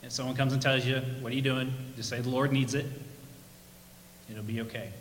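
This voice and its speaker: A man's voice: mid-range voice, level tone, a little fast, slight background noise, pitched below the performer's own voice, natural voice. A man playing Jesus casually instructing his disciples, in an echoey hall. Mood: reassuring. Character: calm Jesus giving disciples an errand.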